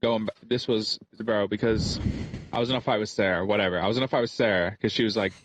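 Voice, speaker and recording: A man's voice: fairly low pitch, steady tone, quick pace, noisy background. A young man on a casual podcast, telling a rambling, slangy story and saying "bro" constantly. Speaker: podcast co-host. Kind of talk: casual chat.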